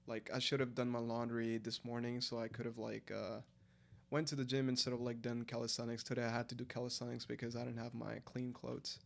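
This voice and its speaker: A man's voice: mid-range voice, flat delivery, a little fast, gravelly. A tired young man from India chatting loosely with his stream viewers, laughing often and using slang and swearing. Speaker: live streamer. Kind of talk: casual chat with viewers while reading the chat.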